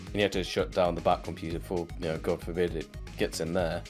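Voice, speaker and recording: Over soft background music, a man co-hosting a podcast rattles through a cartoon episode recap at a fast pace, his low voice showing little pitch movement. He rambles with frequent fillers, throws in the odd swear word and laughs while describing scenes.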